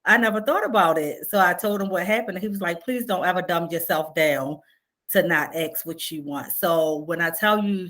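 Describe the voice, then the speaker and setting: A pastor's wife giving a heartfelt testimony on a video call. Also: female voice, fairly low pitch, fairly bright tone. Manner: heartfelt, storytelling.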